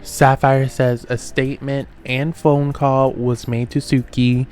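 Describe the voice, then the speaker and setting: A man recaps a reality show in a casual, sassy voice full of slang and quick throwaway asides. His pitch sits in the middle, and faint music plays under him. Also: little pitch movement, darkish tone.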